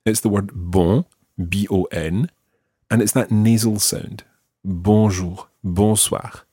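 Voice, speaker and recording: A man with a Scottish accent teaching a podcast language lesson and repeating words slowly for the learner. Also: on the low side, dark tone, breathy edge, no echo, clean studio sound. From Scotland.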